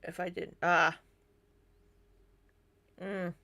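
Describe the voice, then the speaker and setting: A woman's voice: lowish voice, level tone, extremely slow, sharp tone. A woman hosting a live commentary stream, reacting to video clips and answering viewers' comments in a chatty way.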